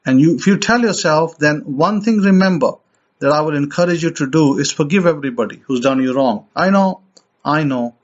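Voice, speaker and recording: A man preaching an informal sermon in a conversational way, often repeating and restarting his phrases. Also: a little high. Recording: dull lo-fi recording.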